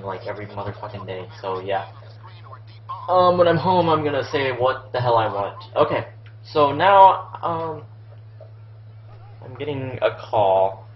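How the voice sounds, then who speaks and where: A teenage boy doing casual gameplay commentary, rambling with lots of ums and likes and heavy swearing. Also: mid-range voice. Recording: roomy, muffled lo-fi sound with faint hiss.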